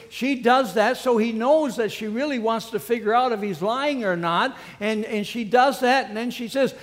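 A male preacher retelling a story in an animated, conversational sermon with personal asides. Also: very high voice, moderate pace, few pauses, long reverb tail.

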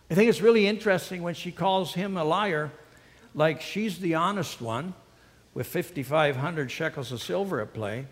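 A male preacher retelling a story in an animated, conversational sermon with personal asides. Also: on the high side, normal speed, big-room sound.

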